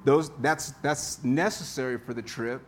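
A man preaches a sermon at an unhurried pace, talking to the congregation in a casual, conversational way. He repeats key phrases to drive them home. Faint room ambience sits behind him in the church. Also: medium pitch, slight background noise. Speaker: pastor. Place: church sanctuary.

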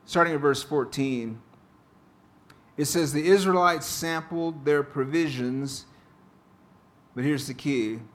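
Slow, deliberate male preacher. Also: on the high side. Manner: slow, deliberate preaching with joke-telling asides. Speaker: pastor. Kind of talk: sermon.

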